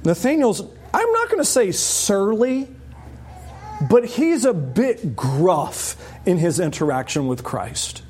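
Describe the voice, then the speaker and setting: Guy preaching, kinda high voice, gets really animated and punchy. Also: slow pace, slight background noise. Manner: animated, emphatic, with sudden rises in pitch. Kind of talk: sermon.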